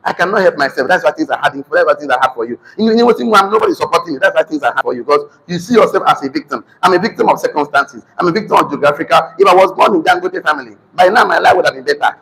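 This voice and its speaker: A man's voice: a little high, fairly bright tone, long reverb tail, slight background noise, rough recording. A man with a Nigerian accent teaching a seminar class, repeating key lines, dictating punctuation aloud and calling for responses from the room.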